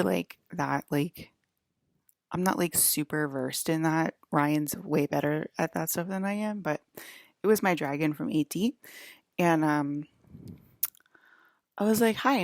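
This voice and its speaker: A young woman with a low voice tells a long personal story in loose, casual speech. She rambles and fills her talk with fillers and swearing, and laughs often along the way. The sound is dry and close, with no room around it. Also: vocal fry, dry recording. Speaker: vlogger.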